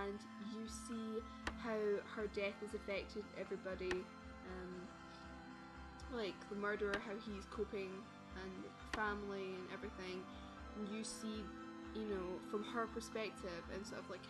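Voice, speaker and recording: A woman vlogger giving a casual, rambling movie review in a chatty, self-deprecating way. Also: medium pitch.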